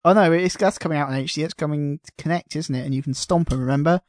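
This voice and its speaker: Higher-voiced man ranting about games. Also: quick pace, dry recording, studio quality. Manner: sweary, excitable ranting. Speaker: podcast co-host. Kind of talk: casual gaming podcast chat.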